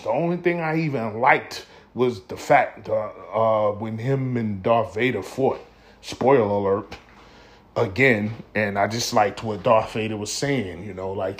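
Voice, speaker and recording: A man's voice: mid-range voice, expressive, normal speed. Blunt, profane American man ranting. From United States. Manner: blunt, profane and emphatic, repeats himself. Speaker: podcast host. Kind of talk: casual solo rant.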